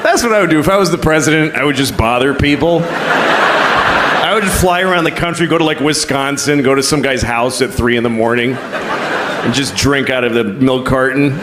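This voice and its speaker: A stand-up comedian in his forties performs on a large theater stage, telling sardonic stories that build into incredulous outbursts. His mid-range voice moves fairly quickly, and the live recording is roomy and noisy.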